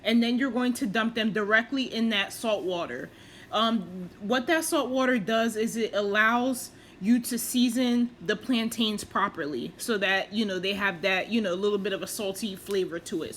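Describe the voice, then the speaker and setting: A woman's voice: medium pitch, moderate pace, a bit bright, a little hiss or hum. A woman talking casually over her cooking video, chatty and self-deprecating, with plenty of fillers as she explains each step. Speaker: cooking vlogger.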